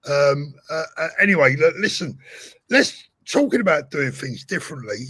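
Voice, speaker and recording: A man's voice: a little high, sing-song, normal speed, bright, forceful tone, husky, no room sound. A male host chatting on a live stream, earnest, telling his news in short bursts. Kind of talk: casual live-stream chat.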